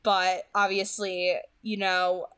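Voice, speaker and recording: A woman's voice: medium pitch, level tone, slow, fairly bright tone, smooth. A woman in her twenties with a New Jersey accent, rambling through casual commentary after a read-aloud on her channel and often repeating her words. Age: 20s. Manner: chatty, rambling, repeats words, many fillers. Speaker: book reading channel host. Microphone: home studio microphone.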